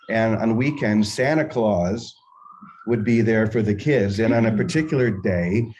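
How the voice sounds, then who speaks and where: An older man hosting a morning spiritual session, musing unhurriedly and telling a personal story with gentle humor. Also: medium pitch, slight background noise, poor audio. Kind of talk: reflective spiritual talk with storytelling.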